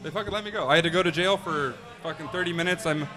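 Animated man telling a wild story. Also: on the high side, fast, music in the background. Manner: animated, profane, acts out quotes. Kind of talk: casual podcast storytelling.

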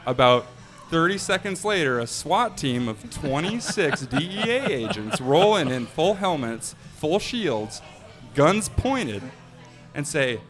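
Animated man telling a wild story. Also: fairly high pitch, slow, over music. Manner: animated, profane, acts out quotes. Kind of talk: casual podcast storytelling.

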